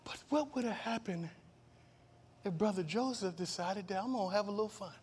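A male pastor preaching a sermon, calling out for amens and swinging from loud outbursts to low hushed asides. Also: a little fast, slightly rough. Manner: repeats and restarts phrases, calls for amen.

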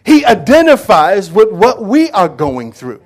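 A pastor preaching a sermon, swinging from hushed lines to loud bursts and acting out scenes from scripture. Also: male voice, high voice, huge pitch swings, a little slow. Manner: acts out dialogue with Bible figures.

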